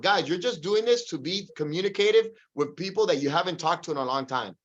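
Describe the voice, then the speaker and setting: High-pitched and brisk, with hardly any pauses, a man energetically runs a real estate sales call on video. He names team members one by one and presses them to keep going, and the sound is lo-fi.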